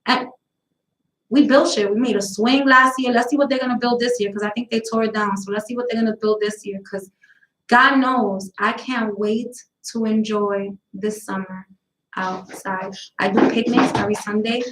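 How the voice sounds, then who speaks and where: A woman's voice: mid-range voice, fairly even intonation, normal speed, a bit bright, echoey room, poor audio. A woman, chatting casually on her own live show, blunt, profane, rambling from story to story. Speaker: host of a live talk stream. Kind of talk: casual chat.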